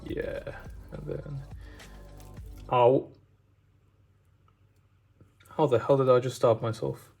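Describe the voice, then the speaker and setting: A man's voice: medium pitch, fairly even intonation, normal speed, gravelly, darkish tone, muffled recording, faint music behind. A man chatting casually and enthusiastically as he cooks, wandering off on tangents. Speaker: cooking vlogger. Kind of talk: casual cooking chat.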